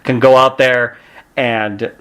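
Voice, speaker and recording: A man, a guest wrestler, telling stories in casual chat, animated and acting out voices with frequent laughs. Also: medium pitch, slow pace, clear, resonant tone. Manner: animated, acts out voices in anecdotes, laughs often. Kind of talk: casual storytelling.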